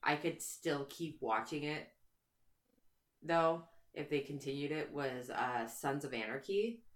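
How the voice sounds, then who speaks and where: A woman's voice: sits low, unhurried. A woman co-hosting a casual podcast chat, talking enthusiastically and swearing freely. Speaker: podcast co-host.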